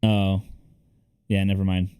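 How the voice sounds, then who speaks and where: A man's voice: sits low, little pitch movement, slow pace, warm tone, clean tone. A man co-hosting a video-call chat, helpfully talking a guest through connection problems. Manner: helpful, explaining tech troubles. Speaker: co-host.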